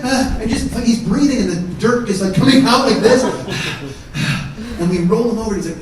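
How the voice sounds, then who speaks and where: A middle-aged man telling a profane, animated comedy story in a live one-man show, his voice jumping into shouts. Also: very high voice, fairly quick, crowd noise. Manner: animated, profane, shouts quoted kids' lines. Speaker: stand-up comedian. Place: live theater stage with audience laughing. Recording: echoey, distant theater recording with noise.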